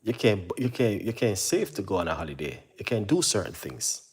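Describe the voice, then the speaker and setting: Deep-voiced earnest man, rambling pep talk. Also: very animated, brisk, slight background noise. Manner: earnest, repetitive, keeps saying "you know what I mean"; mimics receptionists in a higher voice. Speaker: channel host. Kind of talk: casual motivational talk to camera.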